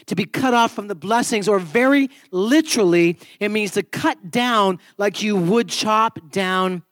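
A man preaching a sermon in church, telling a story with humor and sudden jumps in pitch and volume. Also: no room sound, clean studio sound.

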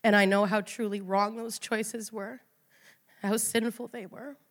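A woman's voice: mid-range voice, flat delivery, unhurried. Woman giving a raw, earnest testimony. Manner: earnest, confessional, raw emotion. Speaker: speaker giving a personal testimony. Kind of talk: emotional personal testimony. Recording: long hall reverb.

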